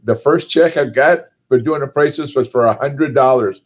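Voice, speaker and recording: A man in casual group talk, telling a story of his past in a measured way. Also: mid-range voice.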